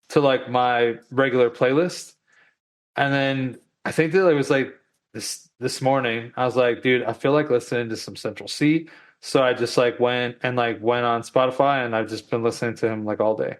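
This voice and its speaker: A man co-hosting a podcast in casual chat, rambling and peppering his talk with "like" and the odd curse. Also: medium pitch. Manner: rambling, heavy on "like" fillers, casual swearing. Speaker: podcast co-host.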